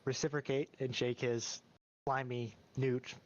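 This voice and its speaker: A man's voice: medium pitch, little pitch movement, unhurried, no room sound. A man chatting casually as a player in a tabletop game, joking with the table. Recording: slightly dull mic with faint noise.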